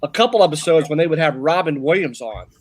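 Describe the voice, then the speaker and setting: A man's voice: a little high, expressive, fast, a little hiss or hum. A man co-hosting a casual group chat, easygoing and hesitant with frequent ums. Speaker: show co-host.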